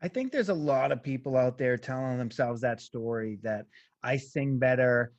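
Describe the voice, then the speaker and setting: A man's voice: mid-range voice, animated, moderate pace, no room sound, highs cut off. A man hosting a casual conversation, speaking earnestly and giving advice. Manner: earnest, advising.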